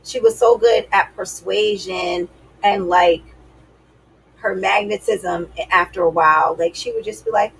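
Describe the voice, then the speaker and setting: A woman's voice: mid-range voice, steady tone, unhurried, gravelly, breathy edge, poor audio. A woman giving dating advice to her viewers in a sassy, emphatic, casual way. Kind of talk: casual advice talk to camera.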